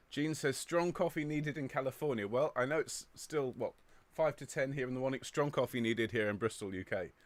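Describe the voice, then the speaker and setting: A chatty man from England hosting a choir live stream, greeting viewers and reading out their comments in a relaxed, upbeat way. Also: mid-range voice, no room sound. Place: indoor room overlooking a square.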